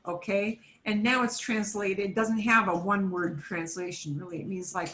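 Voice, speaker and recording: A woman's voice: medium pitch, fairly even intonation, fairly quick, hardly any pauses, sharp tone, reverberant, a little hiss or hum. A woman teaching an online Spanish class for beginners, patiently modelling words for students to repeat.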